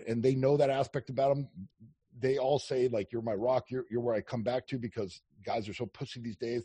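A man chatting casually as a podcast guest, telling animated stories, acting out quoted lines and swearing freely. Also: medium pitch, husky, no room sound. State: on day four of a fast. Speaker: podcast guest, dating coach. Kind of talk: casual chat.

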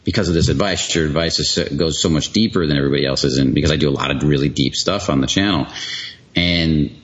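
A man's voice: extremely low pitch, quick pace. A man talking frankly as an interview guest, swearing casually and rambling through restarts. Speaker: guest, video creator. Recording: slightly dull lo-fi audio.

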